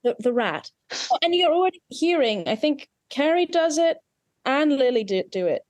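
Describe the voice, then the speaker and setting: A woman's voice: high voice, sing-song, normal speed, a little mellow, no room sound. A woman dialect coach giving an accent lesson, explaining mouth positions patiently and in technical detail.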